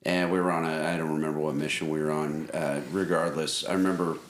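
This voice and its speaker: A man's voice: extremely low pitch, little pitch movement, quick pace. A man hosting a podcast, chatting casually and sharing his own memories. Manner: conversational, shares his own flying memories. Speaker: podcast host. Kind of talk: casual chat. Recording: roomy echo, faint background noise.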